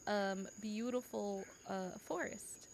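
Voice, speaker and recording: A woman running a tabletop game as game master, playful and quick to laugh. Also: medium pitch, steady tone, creaky, noisy background. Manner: giggly, playful, drawn-out delivery.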